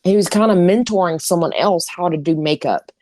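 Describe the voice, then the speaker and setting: Lively swearing woman podcast co-host. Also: lowish voice, fairly quick, no room sound. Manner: animated, swears freely, laughs often. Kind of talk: casual chat.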